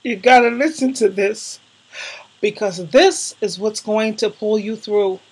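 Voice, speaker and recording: A woman YouTuber recommends videos to her viewers in a casual vlog, effusive and emotional, using slangy emphasis and calling them darling. Her mid-range voice is husky and a little slow, and the recording is rough.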